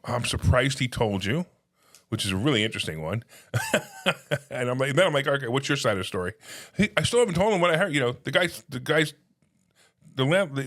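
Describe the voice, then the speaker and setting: Fast-talking animated man. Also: medium pitch. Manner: animated, acts out phone calls in quoted voices. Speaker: podcast guest, real estate investor. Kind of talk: casual conversational storytelling.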